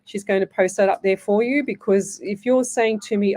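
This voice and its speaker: A woman's voice: medium pitch, fairly even intonation, moderate pace, few pauses, darkish tone. Chatty woman giving psychic readings. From Australia. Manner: chatty, repeats herself, calls listeners lovey. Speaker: psychic medium radio host. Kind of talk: live radio psychic reading.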